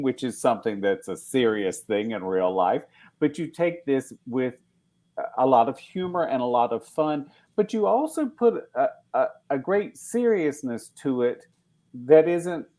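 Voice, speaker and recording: Male podcast host, earnest interviewer, admiring, mid-pitched voice. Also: lively intonation, measured pace, mellow. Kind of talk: interview conversation.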